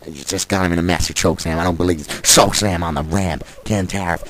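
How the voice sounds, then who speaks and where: A man's voice: low voice, steady tone, fairly quick, a bit bright, poor audio. A man commentating on wrestling in a sarcastic, exasperated and crude way.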